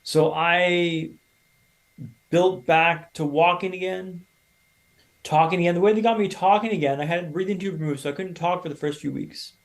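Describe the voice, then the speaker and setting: A man in his thirties from Canada, a podcast guest telling his own story in a lively, casual way and acting out other people's lines. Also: sits high, normal speed. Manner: animated storyteller, acts out quoted voices.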